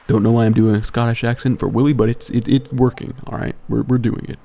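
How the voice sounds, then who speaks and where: A man's voice: medium pitch, little pitch movement, fast talker, creaky, hardly any pauses, dark tone, a little hiss or hum. A young man streaming a video game, chatting casually with rambling, self-deprecating asides and frequent chuckles. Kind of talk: casual gameplay commentary.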